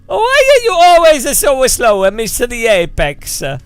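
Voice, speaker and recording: A man's voice: very high-pitched, wildly swooping pitch, unhurried, clean tone, dry recording, soft background music, pitched above the performer's own voice, exaggerated voice. A man voicing a pushy male Italian game developer who scolds in broken English with a mock Italian accent. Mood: scolding.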